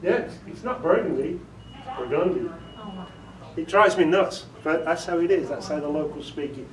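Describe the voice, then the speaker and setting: A man's voice: fairly high pitch, brisk. A British man giving an informal workshop talk as an audiobook director, chatty and joking with the small audience he quizzes. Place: meeting room with a small audience. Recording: echoey room, voice far from the mic, faint noise.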